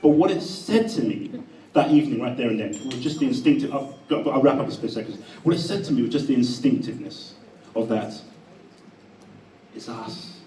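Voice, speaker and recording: A man's voice: mid-range voice, fairly quick, a little hiss or hum. Guy telling a story on stage, laughs a lot, echoey room, mic kinda far. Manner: animated, laughing, conversational. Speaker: speaker at a live talk. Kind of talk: storytelling to a live audience. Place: event room with an audience.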